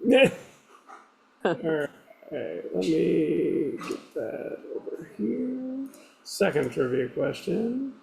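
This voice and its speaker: On a casual group video call, a man teases his sister and laughs easily. He talks slowly in a high, lively, gravelly voice that swoops around. He comes through a video-call mic. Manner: joking, teasing, laughing. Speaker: producer.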